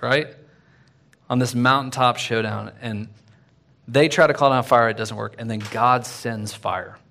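A man preaching a sermon in a casual, conversational way, full of fillers and "right?", swinging from loud and lively to quiet. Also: mid-range voice, moderate pace. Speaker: pastor.

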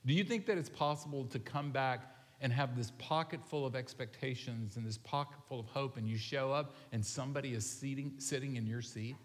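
A man preaching a sermon to his congregation in a relaxed, animated way, often asking the people questions. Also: medium pitch, fairly quick, hardly any pauses. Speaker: pastor. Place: large church sanctuary. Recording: long reverb of a large hall.

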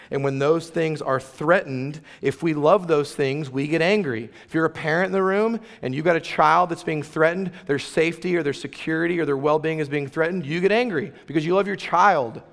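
A man's voice: a little high, a bit bright. Man preaching in a reverberant hall. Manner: conversational, emphatic, with playful asides to the room. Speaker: pastor. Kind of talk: sermon. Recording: long reverb of a large hall.

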